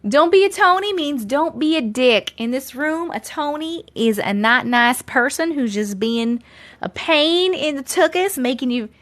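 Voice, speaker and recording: A chatty woman from Long Island hosts a relaxed live stream from home. Her voice sits high, and she keeps up a friendly back-and-forth with her viewers, laughing often and thanking them by name. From Long Island, USA. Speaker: live-stream host reading chat. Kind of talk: casual live-stream chat.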